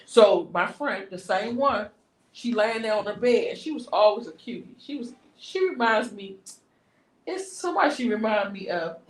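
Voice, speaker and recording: A woman casually telling a story on a talk stream, lively and slangy. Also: medium pitch, moderate pace, echoey room, rough recording. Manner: lively, animated retelling with slangy asides.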